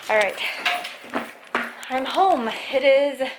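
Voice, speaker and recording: A woman's voice: on the high side, moderate pace, heavy background noise. A young woman vlogging at home, rambling and chatty with lots of fillers. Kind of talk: casual vlog chat. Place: home and garage.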